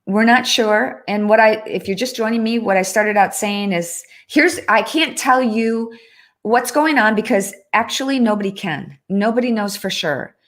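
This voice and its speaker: A woman whose voice sits on the high side talks at a moderate pace while hosting a casual livestream. She chats earnestly, reads viewer comments aloud, and often interrupts herself to restart.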